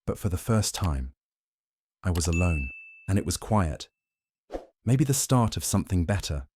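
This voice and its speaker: A man narrating a first-person drama story in a cold, measured way. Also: deep voice, sing-song, darkish tone, a little hiss or hum.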